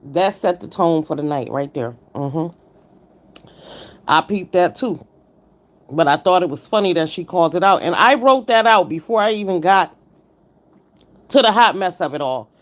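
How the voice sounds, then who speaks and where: Woman streamer, blunt, slightly low voice, chatty commentary. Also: expressive, normal speed, pauses often. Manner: blunt, greets chat viewers by name. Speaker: livestream host reviewing a contest. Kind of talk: casual livestream commentary.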